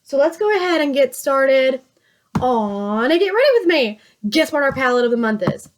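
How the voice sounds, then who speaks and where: Chatting casually about her makeup routine, this Virginia beauty vlogger with a Southern drawl pokes fun at herself and laughs a lot. She speaks in a high, expressive voice at a moderate pace, with slight background noise.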